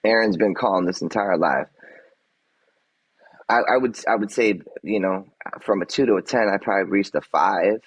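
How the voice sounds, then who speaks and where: Husky low-voiced man ranting on stream. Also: moderate pace, poor audio. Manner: agitated, defensive, swearing, repeating himself. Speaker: livestreamer answering chat. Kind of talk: livestream rant.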